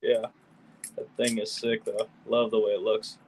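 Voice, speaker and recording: Easygoing man in a relaxed chat. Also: lowish voice, measured pace, slight background noise, poor audio. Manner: easygoing, short friendly remarks. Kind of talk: casual chat.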